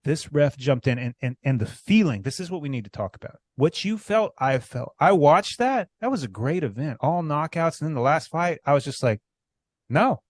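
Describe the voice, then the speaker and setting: A man rants into a podcast mic, profane and heated, jumping into loud outbursts. The sound is dry and close, with no room around it. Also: fairly high pitch, big pitch swings, brisk, few pauses, dry recording. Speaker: podcast co-host. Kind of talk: ranting casual chat.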